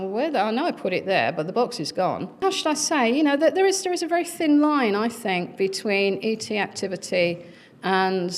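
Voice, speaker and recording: A middle-aged woman speaking at a conference, telling a personal anecdote in a chatty way with many fillers and acted-out quotes. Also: mid-range voice. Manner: chatty, frequent fillers, acts out quoted voices.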